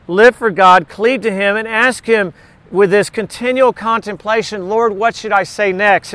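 A man's voice: high voice, pushed and bright, clean tone, no echo. A middle-aged man leading a Bible study in an informal sermon, talking conversationally, repeating key words and slipping in jokes.

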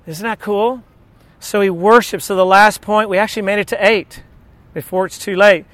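High-voiced man preaching a sermon. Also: steady tone, moderate pace, a bit bright, no echo. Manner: storytelling, asks the audience questions.

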